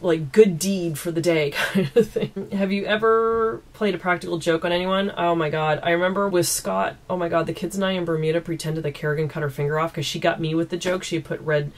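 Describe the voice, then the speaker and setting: A woman's voice: lowish voice, steady tone, fairly quick, few pauses. A woman from East Coast Canada, chatting casually and giggling as she answers viewer questions at home into a camera mic. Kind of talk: casual Q&A chat.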